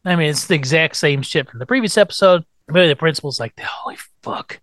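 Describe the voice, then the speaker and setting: A man's voice: fairly high pitch, quick pace, fairly bright tone, no echo. A man hosting a podcast, recapping a TV episode in casual chat, swearing freely and quoting characters playfully. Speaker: podcast host.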